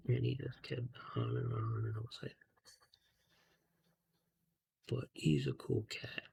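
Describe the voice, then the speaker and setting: A man softly telling a rambling story in a half-whispered ASMR style, talking casually with slang and fillers, outdoors at night on a close mic. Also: on the low side, animated, unhurried, vocal fry, a little hiss or hum. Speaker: ASMR channel host. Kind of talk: ASMR storytelling while coloring.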